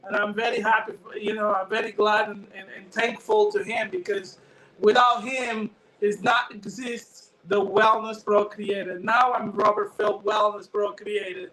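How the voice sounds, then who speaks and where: A man's voice: high voice, steady tone, moderate pace, a crowd in the background, low-quality recording. A man speaking earnestly in broken English as a guest in a casual interview, talking into his phone. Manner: non-native English, earnest and emphatic. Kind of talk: casual interview over a call.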